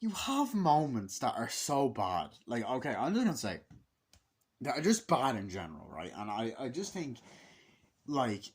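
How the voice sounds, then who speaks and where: A man's voice: medium pitch, sing-song, moderate pace, slightly rough. A man giving a casual, rambling movie review, swearing often and filling his talk with "like" and "okay". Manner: profane, restless, full of "like" and "okay".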